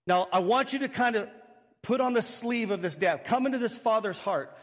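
Preaching at normal speed, this pastor explains a scripture passage to his congregation in a high, light voice. His sermon relies on rhetorical questions and small acted-out scenes, and a long reverb carries his words as though in a large hall.

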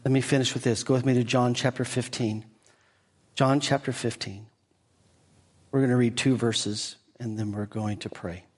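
A middle-aged man preaching a sermon as a pastor, fervent and climbing to high, loud peaks before dropping to soft, intimate tones. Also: fairly even intonation, moderate pace, slightly rough, big-room sound.

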